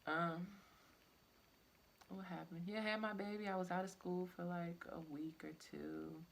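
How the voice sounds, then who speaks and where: A woman's voice: on the low side, fairly even intonation, unhurried, gravelly, slight background noise. A young woman telling a personal story in a loose, rambling way, with plenty of "like" asides. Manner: casual, rambling, full of "like" and "I'm like" asides.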